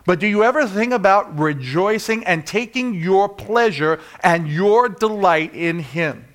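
Pastor guy preaching in church, kinda high voice, asks the crowd questions, goes quiet then loud. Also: lively intonation, a little slow. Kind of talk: sermon.

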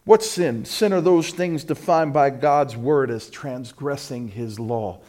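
A middle-aged man preaching a sermon, swinging from loud fervent peaks down to low, quiet storytelling. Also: slow pace.

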